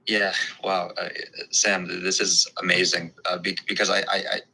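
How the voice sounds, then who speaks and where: Deep flat guy hosting, stumbles and says uh a lot, really bright tone. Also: moderate pace, vocal fry, husky, rough recording. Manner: hesitant, many fillers and restarts, amazed. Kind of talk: casual interview chat.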